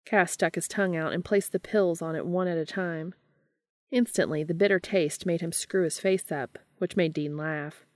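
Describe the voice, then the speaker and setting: A woman narrating a fan fiction audiobook in a calm, even storytelling manner. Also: fairly low pitch, normal speed, dry recording, clean studio sound.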